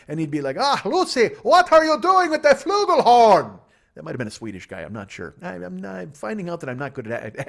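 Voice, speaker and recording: A man hosting a solo comedy podcast, rambling and profane, with a sarcastic edge. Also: medium pitch. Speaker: podcast host. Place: seated at a table.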